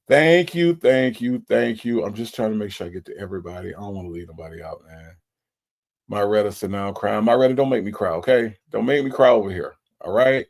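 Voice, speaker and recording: A man's voice: fairly low pitch, sing-song, fairly quick, vocal fry, a little mellow. A man hosting a livestream, thanking viewers over and over in an emotional, repetitive, casual way. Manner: emotional, repeats himself, laughs, drawls. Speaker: livestream host.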